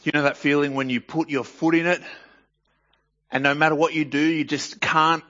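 A man's voice: fairly high pitch, little pitch movement, moderate pace, bright, forceful tone, muffled recording. Man reading scripture with chatty commentary. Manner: conversational, asks listeners rhetorical questions. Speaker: Bible teacher.

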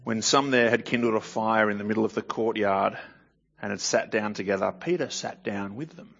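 A man's voice: fairly low pitch, normal speed, vocal fry, fairly bright tone, lo-fi sound. A man reading scripture aloud and commenting on it in a conversational way, often asking the listener rhetorical questions. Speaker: Bible teacher.

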